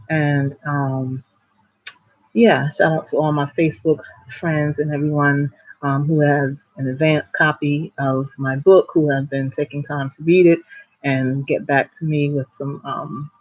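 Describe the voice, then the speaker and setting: A woman's voice: low-pitched, dry recording. Woman from Newark, casual storyteller, chatty with frequent laughs, dry muffled recording. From Newark, New Jersey. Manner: chatty, laughing often, many ums. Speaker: author and vlogger.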